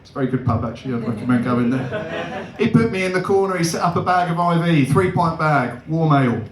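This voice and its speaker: A young man doing stand-up comedy, animated and laughing, with big swings in pitch. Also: fairly quick, echoey room, a crowd in the background.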